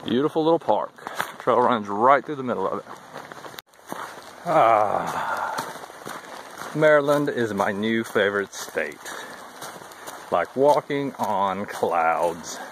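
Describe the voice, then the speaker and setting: A man vlogging casually as he hikes a trail, chatty and wry, thinking out loud. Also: lowish voice, lively intonation, slow, pauses often, slight background noise, poor audio. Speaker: thru-hiker vlogger. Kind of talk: casual walking vlog. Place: outdoors on a wooded hiking trail. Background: faint outdoor ambience.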